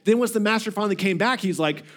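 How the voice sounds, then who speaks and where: A male pastor preaching a casual, conversational sermon with a notably high voice. He stumbles over repeated words and keeps checking in with the congregation through questions. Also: fast talker, a bit bright. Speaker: lead pastor.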